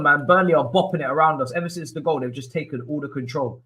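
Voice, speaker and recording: Excitable fan with a bright voice. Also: male voice, fairly high pitch, fast talker. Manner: excitable, frustrated fan, swears and rants at the game. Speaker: host of a football watchalong. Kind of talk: live match reaction commentary.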